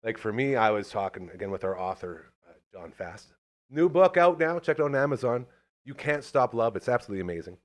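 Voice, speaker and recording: A man hosting a podcast in casual chat, talking in an animated, fired-up, rambling way. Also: medium pitch, fairly quick. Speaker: podcast host.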